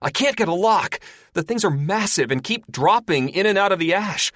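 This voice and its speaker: A male narrator performing a panicked jet weapons officer, cursing as he barks over the comm. His voice jumps high and loud with a lively swing. The sound is dry and close. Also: moderate pace, no echo. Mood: shouting. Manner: shouting over the comm, swearing. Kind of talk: audiobook character voice.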